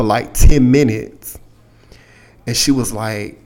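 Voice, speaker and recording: A young adult man hosting a podcast, telling a personal story in a candid, profane, casual way and getting animated when he quotes other people. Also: mid-range voice, normal speed. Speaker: podcast host.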